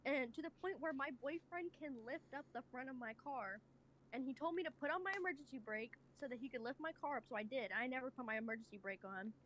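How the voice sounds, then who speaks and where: A woman's voice: sits high, quick pace, a bit bright, a little hiss or hum. A young woman telling a story in casual chat as a podcast guest, rambling sheepishly with lots of filler words. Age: young adult. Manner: rambling and sheepish, heavy use of 'like'.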